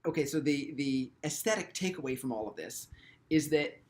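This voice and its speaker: A man's voice: a little high, animated, moderate pace, very noisy. A man teaching violin in an instructional video, speaking thoughtfully and often restarting his sentences with ums.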